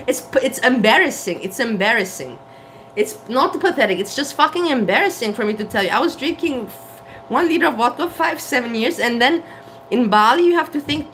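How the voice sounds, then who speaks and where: A woman's voice: a little high, lively intonation, a little fast, a bit bright, slight background noise, low-quality recording. A woman vlogging candidly to camera from her kitchen, frank and blunt, swearing and laughing at herself. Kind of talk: candid casual talk to camera. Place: home kitchen.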